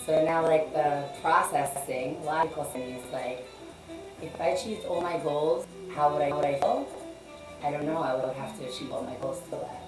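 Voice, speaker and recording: Deep-voiced woman rambling casually. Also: moderate pace, reverberant, far from the mic, music in the background, rough recording. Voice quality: deep, throaty. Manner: rambling, restarts, swears freely. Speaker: guest musician. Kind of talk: casual chat.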